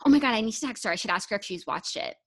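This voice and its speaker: A woman's voice: fairly high pitch, lively intonation, racing, a bit bright, breathy edge. A young woman co-hosting a podcast in casual chat, talking in an enthusiastic, gushing way. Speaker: podcast co-host.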